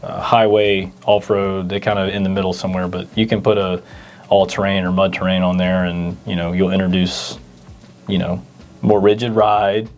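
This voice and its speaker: A man with a low, level voice co-hosts a casual parts store Q&A at a moderate pace, reading viewer questions and often stammering hesitantly through fillers.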